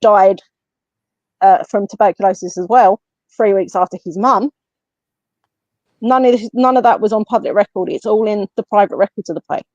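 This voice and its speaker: An English woman tells a personal story as a podcast guest, chatting casually at a middling pitch. She is animated and acts out the lines of the people in her story. The recording is dry and slightly dull, like lo-fi call audio. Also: moderate pace, pauses often, no echo. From England. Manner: animated, tells the story by acting out what others said. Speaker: guest, medium and paranormal investigator.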